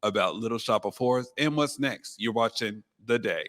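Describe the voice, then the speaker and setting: A man's voice: mid-range voice, normal speed, a bit bright, long reverb tail. A man hosting a talk show, asking questions in a playful, teasing way and laughing often. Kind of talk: casual interview chat.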